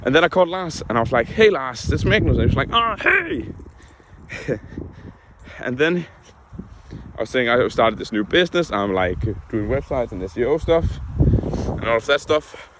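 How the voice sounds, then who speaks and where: A man's voice: medium pitch, animated, fast talker, slight background noise. Young man venting in a casual vlog. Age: young adult. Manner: frank, heated, swears often. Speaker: vlogger.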